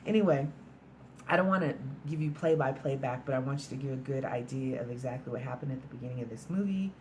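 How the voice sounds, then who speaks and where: A woman's voice: extremely low pitch, fast talker, noisy background. A woman casually recapping a film's plot in a chatty, storytelling way, sprinkled with "like" and mild swearing. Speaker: movie reviewer.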